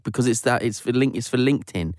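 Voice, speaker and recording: A man's voice: medium pitch, fast talker, no room sound, clean studio sound. A man in casual podcast chat, a voiceover artist who talks in a rambling way full of fillers.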